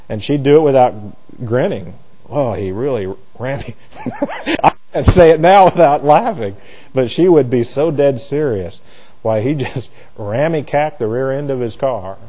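A man's voice: a little high, warm tone, poor audio. A man teaching a conversational Bible study class, asking rhetorical questions, restarting phrases and slipping into folksy asides.

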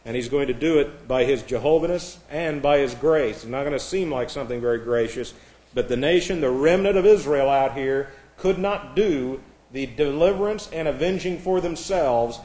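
With a medium-pitched, slightly mellow voice and a moderate pace, a pastor tells stories during a humorous sermon. Between the lighthearted joke lists he reads out, he chuckles.

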